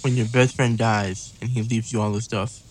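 A man co-hosting a podcast, chatting casually in a laid-back, agreeable, quietly amused way. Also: fairly low pitch, flat delivery, normal speed, faint music behind, low-quality recording. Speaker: podcast co-host.

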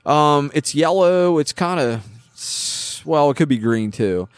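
A man's voice: fairly high pitch, lively intonation, slow, clean tone, no room sound. A man co-hosting a casual podcast, chatty and joking, rambling with restarts. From West Virginia. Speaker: podcast co-host. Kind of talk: casual chat.

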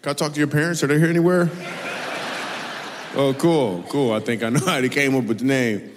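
A man's voice: mid-range voice, steady tone, a little fast, background noise. Sarcastic male stand-up doing crowd work, live theater sound with reverb. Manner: playful, sarcastic with the audience. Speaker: stand-up comedian. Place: large theater on stage.

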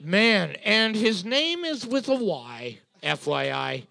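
A man's voice: high voice, sing-song, slow, gravelly, sharp tone, dry recording. A man co-hosting a bar trivia night, reading out scores and joking crudely with lots of swearing. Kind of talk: casual banter while scoring a music quiz.

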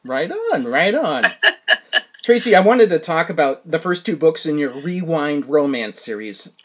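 A man's voice: a little high, very animated, unhurried, fairly bright tone. A man hosting a podcast interview, talking casually, with frequent restarts and fillers. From New England. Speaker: podcast host.

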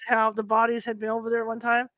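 A woman's voice: on the high side, completely flat delivery, fast, fairly bright tone, dry recording. Chatty storytelling woman, dry close sound. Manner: chatty storyteller, laughs while telling. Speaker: conversation partner. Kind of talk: casual chat. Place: Sacramento, USA.

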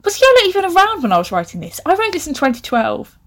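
A woman in her twenties with an animated, laughing manner, reading out her old writing and mocking it with sarcastic asides. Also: high-pitched, quick pace. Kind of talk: comic reading with commentary.

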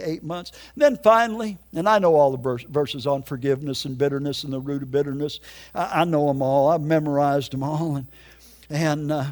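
A man's voice: fairly high pitch, a little mellow. An older man preaching his testimony in an emphatic, folksy storytelling way. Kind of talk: sermon testimony.

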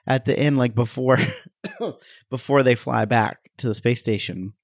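A man's voice: medium pitch, steady tone, unhurried, dry recording, clean studio sound. A man co-hosting a podcast, chatting casually about a movie in a rambling, hesitant way with wry complaints. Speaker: podcast co-host. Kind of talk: casual movie review chat.

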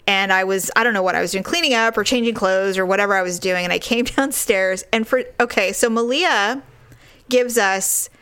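A woman's voice: moderate pace, smooth. A woman in her forties telling a funny story in casual chat, laughing often and acting out what people said. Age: 40s. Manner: animated, laughs often, acts out quoted lines in a high voice.

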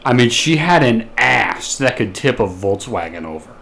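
Lively, animated podcast guy. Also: mid-range voice, normal speed, vocal fry. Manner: profane, rambling storytelling with frequent stammered restarts. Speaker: podcast co-host. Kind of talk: casual podcast chat.

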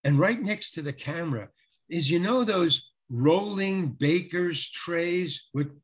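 A man's voice: fairly high pitch, takes it slowly, slightly rough. A middle-aged man casually telling a long anecdote, laughing often and acting out what people said. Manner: animated storyteller, laughs often, acts out quotes. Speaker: guest telling a story.

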